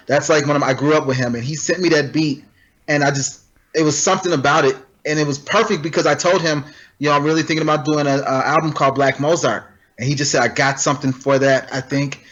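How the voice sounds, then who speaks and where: A man being interviewed about his work, relaxed and rambling, with frequent ums and restarts. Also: mid-range voice, muffled recording. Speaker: guest rapper. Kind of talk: casual interview chat. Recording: music faintly behind.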